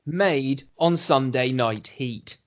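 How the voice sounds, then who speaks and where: A man's voice: medium pitch, takes it slowly. A man co-hosting a wrestling review podcast, talking bluntly and dismissively with lots of swearing. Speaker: podcast co-host. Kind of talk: casual wrestling review chat. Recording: dull lo-fi podcast audio.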